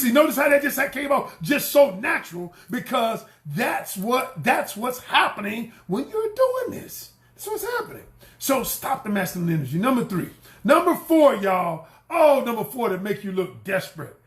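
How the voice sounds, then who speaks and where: A middle-aged man gives dating advice to women, hammering his points home by repeating them. His pitch swings widely as he acts out the voices of people he quotes. The sound carries a noticeable room echo. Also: fairly bright tone. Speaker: relationship coach. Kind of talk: animated coaching talk to camera.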